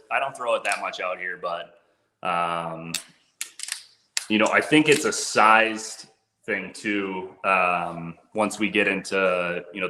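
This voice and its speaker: A man's voice: on the low side, sharp tone, reverberant. A man who works as a fishing guide, talking gear in a laid-back way, saying "dude" and "bro". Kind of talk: casual gear talk.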